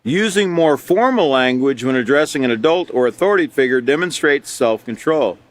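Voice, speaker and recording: Brief: male teacher from Alaska, mid-pitched voice, loose conversational delivery, reads passages and explains them, lots of ums. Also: normal speed, no echo. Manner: relaxed and conversational, many fillers, laughs between points. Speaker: character education teacher. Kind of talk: live online class, reading and explaining a textbook.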